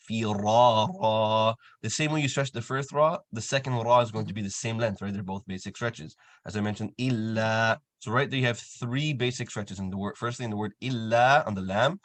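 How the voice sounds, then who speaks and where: A man leads an online recitation lesson over a video call and patiently corrects each student. He speaks quickly in a slightly low voice. The sound is dry and close. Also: dry recording. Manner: patient, encouraging, demonstrates sounds slowly. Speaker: Quran recitation teacher.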